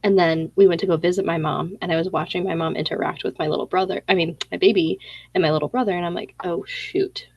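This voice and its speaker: A woman hosting a casual parenting chat in a lowish, husky voice. She is blunt and emphatic, and the recording is dry and dull. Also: steady tone, fast talker, no echo. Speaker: podcast host. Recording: dry, muffled lo-fi audio.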